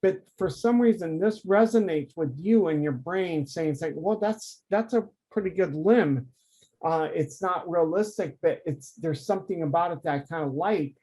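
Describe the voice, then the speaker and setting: A man who teaches anatomy for artists, talking through a drawing demonstration on a video call, lively and emphatic. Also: fairly high pitch, normal speed, few pauses, slightly rough. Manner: animated, conversational, emphatic teaching. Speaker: anatomy art professor.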